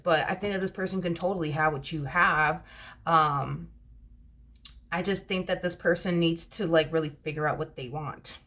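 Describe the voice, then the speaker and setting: A woman with a notably low-pitched voice talks through a tarot reading in a loose, conversational way. She rambles, circles back on her points and leans on fillers as she goes. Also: fairly bright tone. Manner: chatty, rambling, many fillers and "you know". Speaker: tarot reader. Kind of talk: casual tarot reading monologue.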